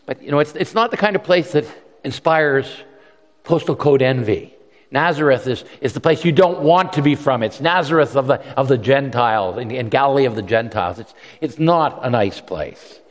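A man's voice: mid-range voice, moderate pace, big-room sound. A man preaching a sermon in a conversational way, often repeating himself and voicing the quotes he tells. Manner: conversational, repeats words, animated voices for quotes.

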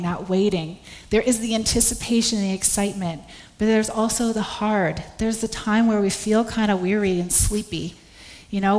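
A woman preaches with a mid-range voice. She tells her stories with lively acted-out voices, and her words ring out with a long reverb through a large hall. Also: mid-range voice. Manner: storytelling, acts out quoted voices. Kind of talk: sermon.

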